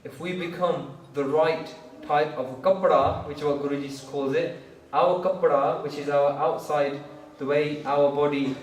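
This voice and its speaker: A man's voice: on the high side, fairly even intonation, measured pace, recorded from a distance, slight background noise. Man telling a sermon story in an echoey hall. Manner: retells a story in long chains of "he goes, she goes". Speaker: speaker at a gurdwara talk. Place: gurdwara hall.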